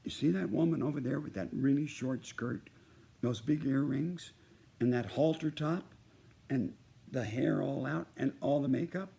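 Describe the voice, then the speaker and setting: An older man quoting a matter-of-fact woman friend in his own gravelly voice while telling an anecdote. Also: mid-range voice, a little slow, dark tone.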